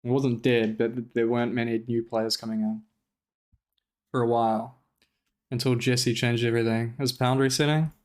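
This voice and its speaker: A man's voice: mid-range voice, flat delivery, normal speed. A young man streaming, talking casually in a profane, rambling and exasperated way while commenting live.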